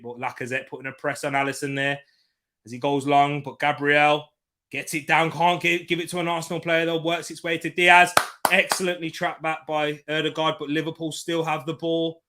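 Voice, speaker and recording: Excitable young football watchalong host. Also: male voice, fairly high pitch, normal speed. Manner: shouts at referee decisions, then chats calmly with viewers. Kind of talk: live match commentary and chat reading.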